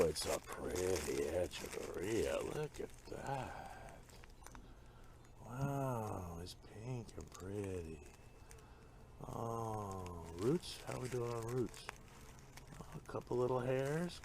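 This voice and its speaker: A man's voice: mid-range voice, gravelly, background noise. A man casually chatting as a gardening vlogger while unboxing plants, enthusiastic and talkative, sometimes dropping to a whisper.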